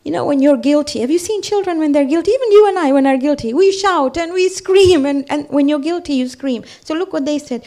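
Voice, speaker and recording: A middle-aged woman giving a religious talk to a women's gathering, telling stories and asking the listeners direct questions. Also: sits high. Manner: animated, addresses the audience directly with questions; recites scripture rapidly in Arabic. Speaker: female religious speaker at a ladies' gathering. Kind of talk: religious lecture with storytelling.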